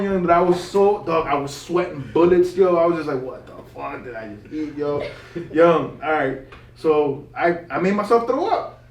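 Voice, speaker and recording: A young man telling a story in casual chat with friends. He is animated and slangy, swears a lot and laughs as he talks. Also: high-pitched, slight background noise. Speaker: podcast co-host. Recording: echoey room, mic at a distance.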